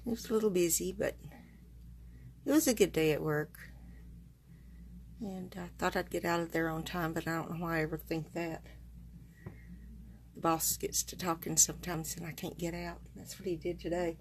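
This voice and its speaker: A woman's voice: lowish voice, fairly even intonation, normal speed, long pauses. A woman chats casually on a live stream, greeting viewers one by one. She sounds a little tired and her speech is loose, with fillers, restarts and small laughs. A faint hiss of noise sits under her voice. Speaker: card-making demonstrator hosting a live stream.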